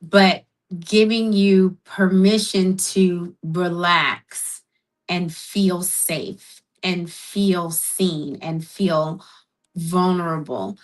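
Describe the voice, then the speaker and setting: A woman co-hosting a podcast, affirming and reflective, giving slow, thoughtful commentary in casual conversation. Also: fairly low pitch, steady tone, rough recording. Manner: warm affirming listener, slow reflective phrasing. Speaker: podcast co-host, therapist.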